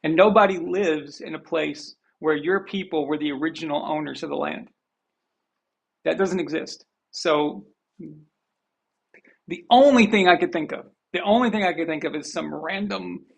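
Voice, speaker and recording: Gravelly, husky American man ranting bluntly. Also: a little high. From United States. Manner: blunt, rambling, repeats himself, swears casually. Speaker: host of a sports live show. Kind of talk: casual opinion rant on a live stream.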